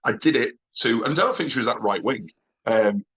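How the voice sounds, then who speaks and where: A Northern English comedian from England, chatting as a podcast guest and telling blunt, sweary anecdotes with laughs between points and frequent restarts. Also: male voice, medium pitch, brisk, sharp tone, slightly rough, dull audio. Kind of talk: casual interview storytelling.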